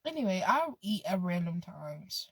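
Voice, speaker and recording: A woman's voice: fairly low pitch, big pitch swings, normal speed, slightly rough, no room sound. A woman vlogging in a casual, rambling way, laid-back, swearing freely and drifting off on tangents. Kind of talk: casual rambling vlog talk.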